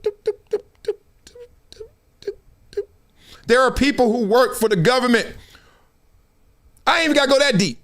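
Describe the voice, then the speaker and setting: A middle-aged man hosting a live sports talk stream, slangy and animated, acting out quotes as he tells stories. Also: high voice. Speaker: host.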